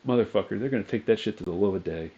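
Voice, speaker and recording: A man streaming his own live trading session, talking to viewers, swearing often and muttering to calm himself between trades. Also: sits low, rapid-fire, muffled recording. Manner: calms himself down out loud.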